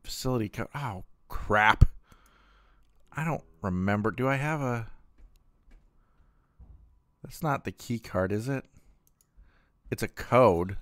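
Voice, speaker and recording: A man's voice: on the low side, slow, long pauses, fairly bright tone, no room sound. A man hosting a gaming channel, thinking aloud in casual gameplay commentary with plenty of fillers and trailing thoughts.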